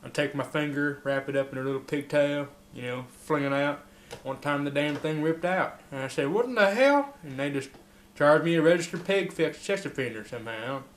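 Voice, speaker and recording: A man's voice: on the high side, fairly even intonation, a little fast, hardly any pauses, reverberant, a little hiss or hum. A man rambling through an improvised comic monologue as a mock interviewee, drawling with fillers and laughs.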